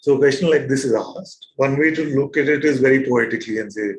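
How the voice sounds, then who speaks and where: Gently probing male spiritual teacher. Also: medium pitch, quick pace, few pauses, rough recording. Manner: probing, asks repeated questions; gentle and playful, with soft laughs. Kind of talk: satsang teaching to a live group.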